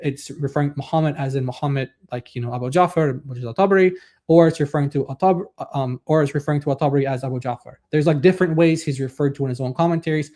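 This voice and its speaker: A man's voice: on the high side, fast talker, warm tone. A man co-hosting a casual discussion, reading quotes from a text and commenting in a rambling way with many fillers. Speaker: co-host.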